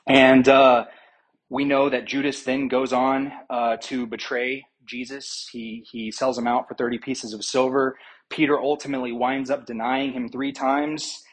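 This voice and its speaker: A man preaching a sermon, retelling scripture as a story, with pauses and fillers as he thinks aloud. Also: mid-range voice, breathy edge, low-quality recording.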